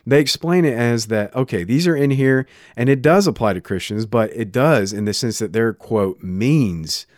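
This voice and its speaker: A man preaching a sermon in a conversational way, retelling stories with lively restarts into a microphone. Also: mid-range voice, normal speed, hardly any pauses, dry recording, clean studio sound. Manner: conversational, animated storytelling with frequent restarts. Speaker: pastor.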